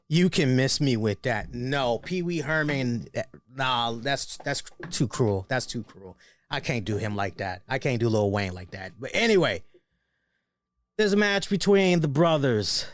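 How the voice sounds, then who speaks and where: A man riffing through a casual wrestling review, animated and joking, often checking in with his listeners. His voice sits in a middle register. The recording is dry and close, with no room sound. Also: medium pitch, no room sound. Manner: animated and joking, often tags lines with "right?". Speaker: wrestling show host.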